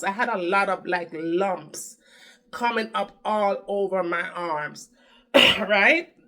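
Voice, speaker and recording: Bright-voiced Jamaican woman vlogging. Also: mid-range voice. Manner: chatty, dramatic storyteller addressing viewers. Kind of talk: casual chat to camera.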